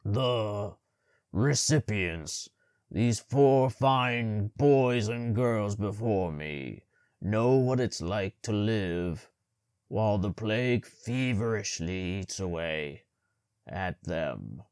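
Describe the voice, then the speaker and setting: A man putting on a gruff, halting ruler with a gravelly voice. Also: expressive, dry recording, clean studio sound. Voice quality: deep, gravelly, hoarse voice. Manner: halting, stumbles over words while reading aloud, booming. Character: gruff pompous adult male ruler, short-tempered.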